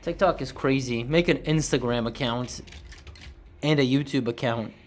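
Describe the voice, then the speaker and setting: A man's voice: medium pitch, normal speed, slight background noise. A man chatting casually on a livestream, laid-back, swearing and tripping over words.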